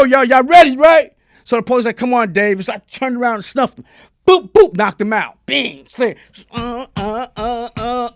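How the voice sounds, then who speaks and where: A man with a New York accent, a guest in an interview, telling a long story with lots of energy, acting out the other people in it and asking "you heard?" again and again. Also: high voice. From Brooklyn, New York. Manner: animated street storytelling, acts out voices, frequent "you heard?".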